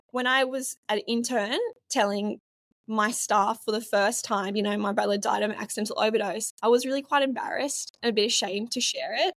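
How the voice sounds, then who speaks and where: A woman's voice: mid-range voice, a bit bright, no room sound, clean studio sound. A young woman in her twenties, a pharmacist guest telling a personal story in an interview, earnest and open. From Australia. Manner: earnest, open, emotional at times.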